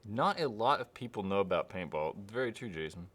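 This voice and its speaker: A man's voice: on the low side, very animated, brisk, a bit bright. A young man hosting a live stream and answering chat questions casually, rambling and hesitant, with many fillers.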